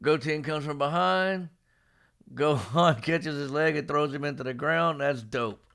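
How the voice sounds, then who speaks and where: Gravelly man animatedly retelling a manga chapter. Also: on the high side, unhurried. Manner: animated retelling, acting out characters' lines with laughs. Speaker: podcast host. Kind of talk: casual manga discussion. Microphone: live stream microphone.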